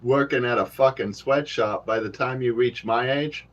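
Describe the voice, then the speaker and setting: A man's voice: mid-range voice, moderate pace, dull audio. A man vlogging outdoors near a construction site, rambling wryly and cursing freely into a handheld camera. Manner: profane, rambling and wry. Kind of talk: casual rambling monologue to camera.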